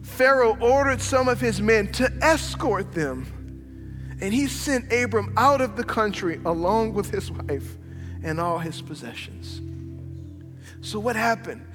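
A high-pitched male pastor preaching an emphatic sermon, moving from loud passages to hushed ones. His voice carries a long hall echo, with soft music playing underneath. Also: expressive, a little slow.

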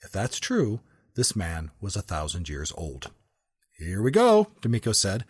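Wry male storyteller, lively low voice. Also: normal speed, slightly rough, no echo, clean studio sound. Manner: wry, with joking asides. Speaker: narrator. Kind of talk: reading a comic fantasy story aloud.

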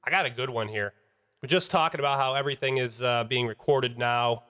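A man's voice: mid-range voice, a little fast, sharp tone. A man co-hosting a casual podcast in a laid-back, profane way. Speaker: podcast co-host.

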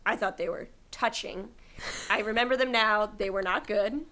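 Speaking at a moderate pace in a mid-range voice, a young adult woman co-hosting a podcast gushes about a film she adored as a kid. She's animated in the casual conversation and keeps slipping into sung snippets.

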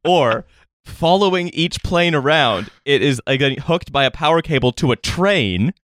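A man's voice: fairly high pitch, lively intonation, measured pace, fairly bright tone, no room sound, studio quality. A man hosting a comedic podcast, reading a scripted bit in a mock newscaster voice and then chatting. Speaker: podcast host.

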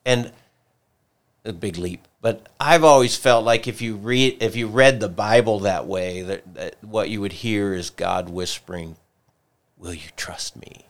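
Deep gravelly man, reflective. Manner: thoughtful storyteller, slow repeated questions. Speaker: podcast co-host at a church. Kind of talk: reflective faith discussion.

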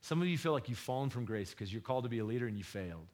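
A man preaching a sermon in an easy, slangy way, as if talking to friends. He swings between loud, emphatic bursts and soft, low retellings of scripture, and his pitch sits in a middle range. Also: lively intonation, rapid-fire. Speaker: pastor.

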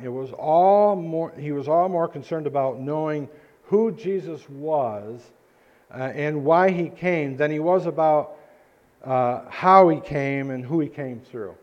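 A male pastor preaching a sermon in a church, earnest and halting, with frequent restarts. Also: a little high, darkish tone, highs cut off. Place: church sanctuary.

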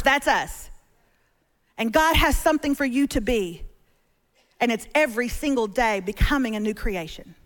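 A middle-aged woman preaching as a guest speaker from a church stage, telling stories with animated humor. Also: high voice. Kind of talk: sermon. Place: church stage before a congregation.

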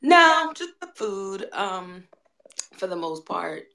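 A young adult woman co-hosting a podcast, telling stories in an animated way and laughing often. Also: medium pitch, takes it slowly, gravelly. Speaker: podcast co-host. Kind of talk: casual chat.

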